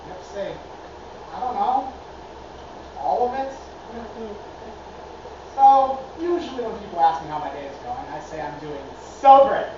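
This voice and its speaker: An actress playing a grieving daughter, telling a story in a wry, deadpan comic stage monologue. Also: female voice, mid-range voice, measured pace, long pauses, natural voice. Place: theatre stage. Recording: echoey hall, far off, dull, noisy.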